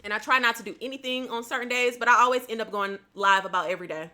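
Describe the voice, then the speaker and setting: A woman's voice: a little high, quick pace, pushed and bright. A young woman, chatting casually on a home livestream, laughing often and addressing viewers by name.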